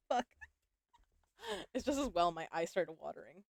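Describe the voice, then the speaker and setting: A woman with a low-leaning voice whose pitch swoops wildly reads a novel at a measured pace on a live stream from home. She trades banter with her audience, often laughing and casually swearing.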